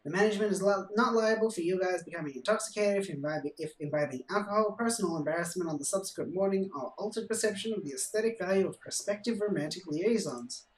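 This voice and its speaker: A man voicing a chirpy male barman who loudly reads out long terms and conditions. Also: high voice, quick pace, few pauses, reverberant, recorded from a distance, natural voice, poor audio. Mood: cheery. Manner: loud, chirpy, rattles off legalese.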